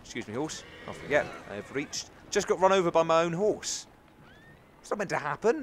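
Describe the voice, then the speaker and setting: A British man from England giving excitable let's-play commentary, cheering and scolding the game as he plays. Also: on the high side, a little fast, slight background noise. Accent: British English. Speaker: gaming channel host.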